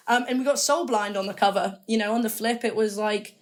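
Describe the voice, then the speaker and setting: A woman's voice: a little high, steady tone, fast talker, hardly any pauses. A woman, a magazine editor guest, chatting casually and enthusiastically, rambling and correcting herself as she goes. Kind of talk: casual interview chat.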